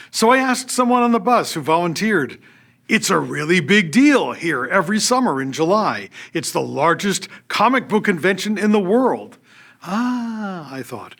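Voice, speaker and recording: An older man, an orchestra's artistic director, narrating personal stories from a script and acting out what people said. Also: a little high. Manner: animated, acts out quoted voices.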